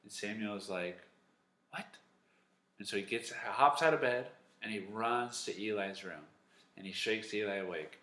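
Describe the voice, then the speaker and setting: A man teaching a Sunday school lesson at home, telling a Bible story in a lively, animated way. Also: lowish voice. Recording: echoey room.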